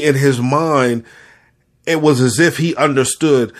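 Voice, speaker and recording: A man's voice: a little high, slow pace, fairly bright tone. A man giving an impassioned, earnest spoken reflection to an audience, speaking directly to his listeners and repeating phrases for emphasis.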